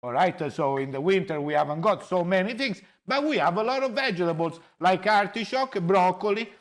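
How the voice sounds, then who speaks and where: Animated Italian man with a high voice. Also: a little fast. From Italy. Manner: animated, laughing, mixes Italian words into broken English. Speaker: cooking show host. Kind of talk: casual cooking chat. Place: home kitchen.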